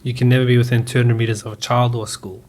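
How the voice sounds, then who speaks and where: A man's voice: medium pitch, level tone, rapid-fire, darkish tone. A man co-hosting a podcast in casual banter, putting the questions to the others and tripping over long words. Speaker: podcast co-host.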